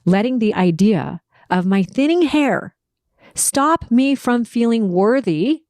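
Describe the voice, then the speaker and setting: A woman's voice: fairly high pitch, expressive, slow, darkish tone, no room sound, clean studio sound. A woman hosting a podcast, telling a personal story in an earnest, emotional, confessional way. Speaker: podcast host.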